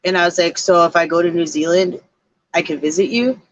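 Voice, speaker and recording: A woman co-hosting a podcast tells a story in casual chat, her fairly low voice moving fairly quickly. She rambles loosely with lots of fillers, and the sound is lo-fi.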